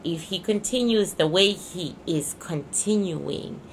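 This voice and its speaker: A woman's voice: lowish voice, takes it slowly, slight background noise. A woman giving a casual spoken card reading, speaking emphatically and often repeating and restating her points. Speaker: psychic reader.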